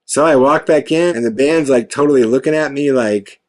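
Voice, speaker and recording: A man hosting a podcast, telling a story in an animated, profane way and acting out quoted lines. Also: fairly high pitch, fairly quick. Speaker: podcast host. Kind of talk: storytelling monologue.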